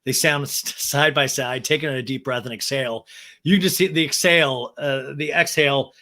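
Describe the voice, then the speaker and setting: Bright-voiced sarcastic man recapping. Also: mid-range voice, steady tone. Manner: sarcastic, quick asides. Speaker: podcast host. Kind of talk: comedic recap of a reality show.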